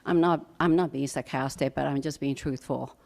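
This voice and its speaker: A mother giving an emotional, halting public comment at a school board meeting, pleading with the board. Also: rumbling low, fairly even intonation, gravelly, a little mellow. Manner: pleading, halting, restarts often.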